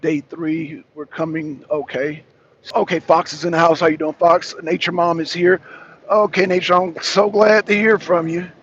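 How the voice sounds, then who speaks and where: A loose, chatty man talks straight to his live-stream audience. His voice sits a little high for a man. The stream sounds dull and lo-fi, with a faint hiss behind it. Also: level tone, moderate pace, a bit bright. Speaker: talk show host. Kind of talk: casual live-stream commentary.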